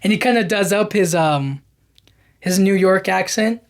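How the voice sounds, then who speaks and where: A man hosting a podcast, recapping film scenes in a casual, animated way with lots of fillers and restarts. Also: sits high, measured pace. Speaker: podcast host.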